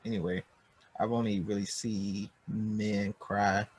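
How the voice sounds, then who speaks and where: A man's voice: on the low side, little pitch movement, takes it slowly, darkish tone, husky, poor audio. A man co-hosting a podcast, asking thoughtful questions in casual conversation with hesitant restarts. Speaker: podcast co-host.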